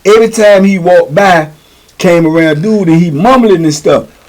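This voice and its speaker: A man's voice: sits high, normal speed, darkish tone. A middle-aged man telling prison stories in a casual, slangy, repetitive way. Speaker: storyteller, show host.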